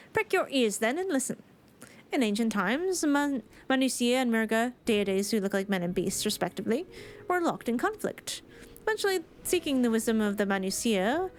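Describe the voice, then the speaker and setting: A woman's voice: fairly high pitch, a little hiss or hum. Woman reading an eager island lorekeeper. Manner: archaic storytelling, read aloud.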